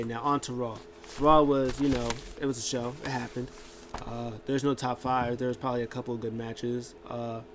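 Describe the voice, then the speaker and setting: Male vlogger, mid-pitched, casual recap, rambling, faint background hiss. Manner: rambling, many filler words and restarts. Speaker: wrestling show recap vlogger.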